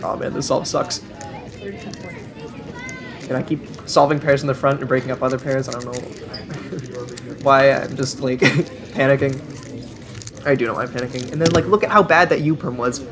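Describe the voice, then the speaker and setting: Chatty self-deprecating young man. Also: medium pitch. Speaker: vlogger. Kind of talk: casual voice-over commentary.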